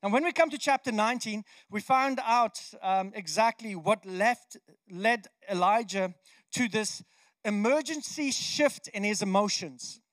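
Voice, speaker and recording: A man preaching a sermon in a conversational, animated way, often restarting his sentences. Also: high-pitched, a little slow, no room sound. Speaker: pastor.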